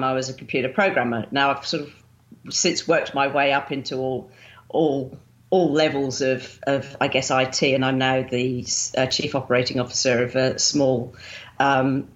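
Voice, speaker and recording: A woman's voice: extremely low pitch, dull audio. A middle-aged woman with an English accent, a guest on a podcast, talking in a chatty, easy way with lots of "sort of" and frequent laughs. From England. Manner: chatty, laughs often, many "sort of" fillers. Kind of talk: casual interview.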